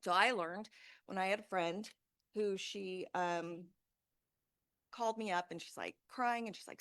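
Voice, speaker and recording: A woman's voice: mid-range voice, unhurried, long pauses, a bit bright, no echo, clean studio sound. A woman in her thirties giving an informal presentation to a group, talking casually and conversationally with frequent fillers. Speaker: safety talk presenter.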